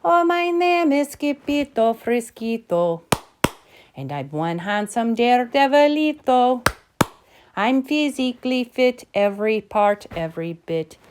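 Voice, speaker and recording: An excitable boy kitten who fancies himself a daredevil, as a woman reading aloud puts him on. He chirps along in a raised, playful voice with mock-Spanish flourishes, drawing his words out slowly. A storybook hero in every line. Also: high-pitched, background noise, pitched above the performer's own voice. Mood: grand.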